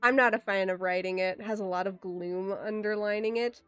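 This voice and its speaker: A woman livestreamer chatting casually with her viewers, rambling with quick asides, giggles and playful exclamations. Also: medium pitch, steady tone, a bit bright, smooth, no echo, soft background music. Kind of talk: casual rambling stream chat.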